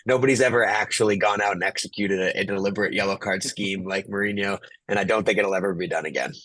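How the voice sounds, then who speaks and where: Co-host, male, low pitch, dry close mic, rambling delivery. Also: fairly even intonation, fast talker, fairly bright tone, no echo, poor audio. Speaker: podcast co-host. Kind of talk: casual chat.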